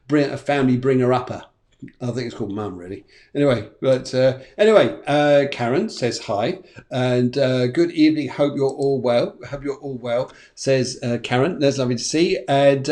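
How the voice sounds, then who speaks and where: A man's voice: medium pitch, a little mellow. A middle-aged man hosting a live show as a medium, chatting loosely with viewers, reading out their comments and greeting them, with many fillers and repeats. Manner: chatty, rambling, full of fillers and repeated phrases. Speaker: host and medium. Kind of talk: casual live-stream chat. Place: home studio in Spain.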